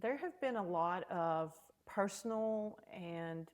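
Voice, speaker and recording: A woman's voice: fairly low pitch, slow. A woman hosting a podcast, asking encouraging questions and prompting her guest's stories. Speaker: podcast host. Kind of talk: casual interview.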